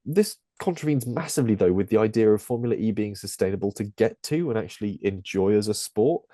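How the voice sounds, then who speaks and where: A man's voice: fairly low pitch, lively intonation, brisk, warm tone, no echo, studio quality. A man hosting a casual motorsport podcast, reading news items with jokey asides. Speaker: podcast host.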